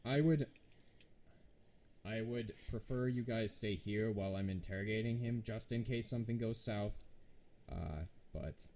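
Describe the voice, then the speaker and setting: A man's voice: lowish voice, measured pace, darkish tone. A man narrating a tabletop game as game master, talking casually with frequent restarts. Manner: hesitant, many restarts and fillers.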